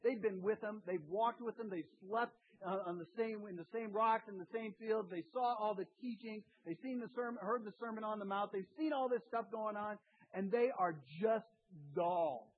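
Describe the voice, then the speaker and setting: A middle-aged man preaching a sermon as pastor, lively and acting out voices of the people in his story. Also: high voice, moderate pace. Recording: tinny phone-like sound.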